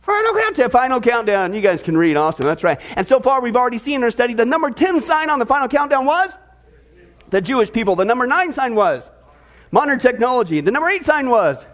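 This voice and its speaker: A man's voice: very high voice, sing-song, quick pace, fairly bright tone. A man preaching a sermon, joking with his congregation and addressing them directly. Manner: jokey, talks directly to the congregation. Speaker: pastor.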